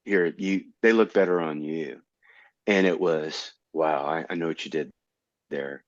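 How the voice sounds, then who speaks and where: A middle-aged male comedian telling stories in a casual interview, jumping into higher voices to act out what people said. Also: a little slow, no room sound, dull audio. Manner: animated, jumps into high voices to act out quotes. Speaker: comedian guest.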